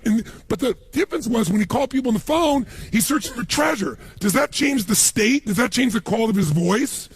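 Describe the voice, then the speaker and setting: A man speaking as a motivational speaker at a live seminar, his voice gravelly and husky and pitched high for a man. He tells stories with animated energy and mimics the people in them. The sound is close and dry. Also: dry recording. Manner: animated storytelling, acting out other people's lines.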